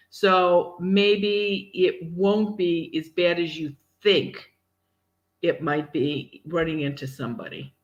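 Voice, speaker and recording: A woman's voice: on the low side, lo-fi sound. A woman co-hosting a casual chat, answering viewer questions as a medium and acting out voices in her stories. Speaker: psychic medium co-host.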